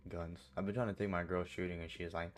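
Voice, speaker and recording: A young man with a very deep, low voice tells stories bluntly, swearing casually as he talks. He speaks as a streamer chatting to his viewers. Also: flat delivery, fast, slight background noise. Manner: blunt, profane storytelling. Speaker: trading streamer. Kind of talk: casual vlog monologue.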